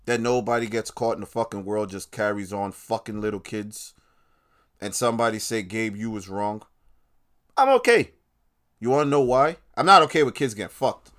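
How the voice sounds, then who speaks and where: A man hosting his own independent podcast, ranting with a lot of profanity, swinging between loud outbursts and low muttering. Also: a little fast. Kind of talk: podcast rant.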